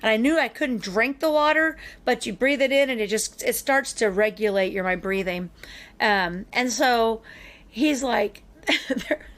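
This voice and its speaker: A woman hosting a podcast, telling a long personal story in an animated, chatty way with frequent fillers. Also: a little high, measured pace. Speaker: podcast co-host. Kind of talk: casual storytelling chat.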